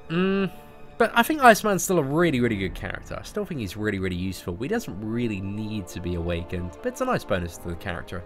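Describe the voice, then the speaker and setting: A young man with a southern English accent, chatting casually on a game live stream, rambling and restarting his sentences. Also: lowish voice. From Surrey, southern England. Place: parents' garden, outdoors.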